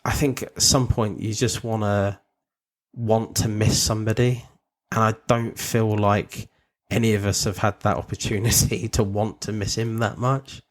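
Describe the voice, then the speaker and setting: A man's voice: lowish voice, level tone, moderate pace. A man co-hosting a casual podcast chat, talking loosely with frequent laughs and restarts. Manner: chatty, laughs often, trails off into restarts. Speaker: podcast co-host.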